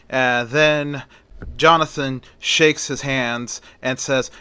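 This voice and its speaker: Man, storyteller, bright forceful voice, dry close sound, loose retelling with fillers. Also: medium pitch, steady tone, takes it slowly, clean tone, dry recording. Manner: unscripted telling with fillers, voicing each character lightly.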